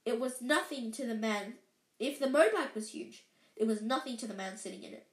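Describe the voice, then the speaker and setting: A woman's voice: fairly high pitch, expressive, fairly quick. A woman reading a storybook aloud in an unpolished way, often stumbling and correcting herself. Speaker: reader. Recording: echoey room.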